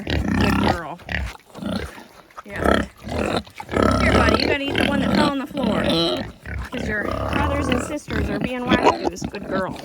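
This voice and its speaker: A woman's voice: on the high side, gravelly. A woman homestead vlogger talking casually and affectionately to her pigs as she hand-feeds them in an outdoor pen. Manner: coaxing, affectionate pet talk to animals. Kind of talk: casual talk while hand-feeding pigs. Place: outdoor farm pig pen. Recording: loud pig grunts and farm noise.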